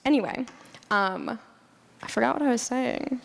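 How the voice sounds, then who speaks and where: A woman's voice: a little high, normal speed, gravelly. A young woman giving a casual student presentation, chatty with many fillers and frequent laughs. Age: young adult. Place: lecture hall. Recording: long reverb in a hall.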